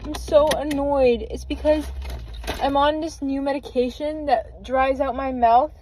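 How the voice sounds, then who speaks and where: A woman's voice: high voice, steady tone, unhurried, mellow, slight background noise. A young adult woman vlogging in a casual, chatty way, dramatically complaining and using lots of "like" fillers. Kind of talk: casual vlog chat.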